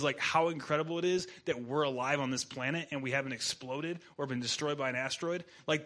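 A man preaching a sermon in a casual, animated storytelling manner as pastor. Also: fairly high pitch.

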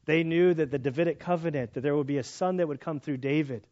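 A man's voice: fairly high pitch, quick pace, darkish tone, dull audio. A man teaching through a Bible passage in a casual, conversational way, acting out voices in the story as he goes. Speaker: pastor.

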